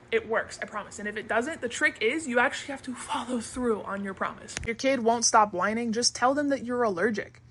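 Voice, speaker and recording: A woman giving blunt, casual parenting advice, swearing and acting out quick voices. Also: on the high side, a little hiss or hum. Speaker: parenting tips creator.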